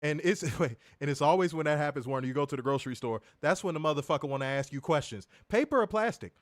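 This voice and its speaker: A man co-hosting a casual chat, telling stories in an animated, profane way and acting out what people said. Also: fairly high pitch, quick pace, no room sound, clean studio sound. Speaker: podcast co-host.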